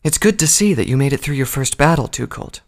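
A man's voice: mid-range voice, animated, brisk, voice pushed up, lightly acted. A man voicing a gracious, dignified unicorn mare who leads a secret order, in a storybook reading. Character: noble, graceful unicorn mare leader.

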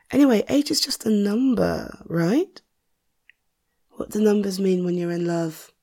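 A woman's voice: medium pitch, vocal fry, warm tone. A woman, acting a confident, wealthy mother who teases and flirts in a listener-directed audio role-play. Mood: flirtatious. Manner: teasing, self-assured, slow and playful.

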